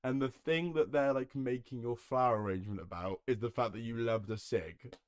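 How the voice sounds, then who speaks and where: A young man from Herefordshire, England, hosts a solo podcast in a casual, jokey style, swearing and laughing a lot. His voice is medium-pitched and fairly quick. The home recording setup sounds studio-quality, with no echo.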